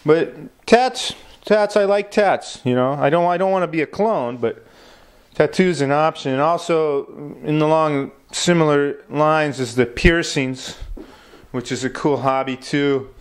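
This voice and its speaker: A man's voice: on the high side, a little slow, clear, resonant tone. A man doing a rambling, profane stand-up monologue in a laid-back way. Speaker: comedian.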